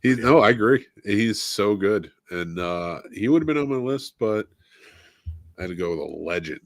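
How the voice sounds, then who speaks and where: Low-voiced guy on a movie podcast, dry close sound, keeps going "uh" as he gets excited. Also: moderate pace, dry recording. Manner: enthusiastic, listy, many "uh" fillers. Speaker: podcast co-host. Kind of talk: casual film chat.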